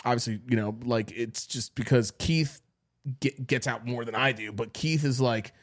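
A man co-hosting a podcast, telling a story in animated, casual chat full of swearing and acted-out quotes. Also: mid-range voice, normal speed. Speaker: podcast co-host.

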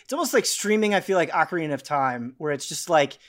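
A man's voice: fairly high pitch, animated, quick pace, fairly bright tone. A man hosting a casual podcast chat, musing at length with many fillers. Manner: thoughtful, filler-heavy musing. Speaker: podcast host.

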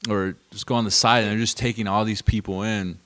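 A man telling a long story in casual chat, animated and swearing often. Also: on the low side, brisk.

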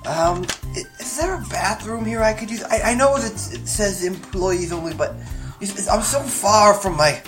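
A man's voice: sits high, moderate pace, pitched above the performer's own voice, close to an everyday voice. A man voicing a wandering old father with a small bladder, pleading in a feeble manner, over background music in a tabletop game.

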